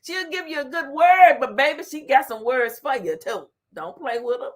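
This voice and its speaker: Hosting a relaxed livestream, a woman reads viewers' chat aloud in a high voice at a moderate pace. Lively and quick to laugh, she responds directly to the chat as a talk show host would.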